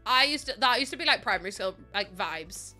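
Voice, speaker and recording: A woman's voice: medium pitch, lively intonation, brisk, sharp tone, faint music behind. A young woman with a Northern Irish accent, chatting casually to her live stream audience, laughing often and swearing now and then. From Northern Ireland.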